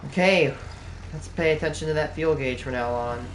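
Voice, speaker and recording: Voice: medium pitch, moderate pace. Casual live-stream gamer, thinking aloud, filler-heavy; echoey home room, air-con hum audible. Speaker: streamer playing a farming game. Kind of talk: casual live gameplay commentary.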